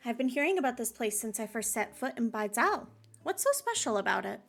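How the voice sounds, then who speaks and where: A woman's voice: on the high side, sing-song, a little fast, gravelly, faint music behind, full character voice. A woman reading the lines of an unsure apprentice cook aloud from a game, in her own voice. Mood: hesitant.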